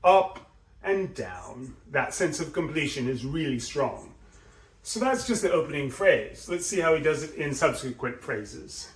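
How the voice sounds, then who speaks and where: A man coaching on speaking, explaining delivery in an animated teaching way. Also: a little high, a little slow, roomy sound, far from the mic. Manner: animated, demonstrates with his voice.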